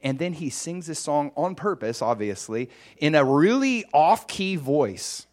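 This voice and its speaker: A male preacher retelling a story in his sermon. He is lively and animated, and he talks in a casual way with filler words. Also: medium pitch.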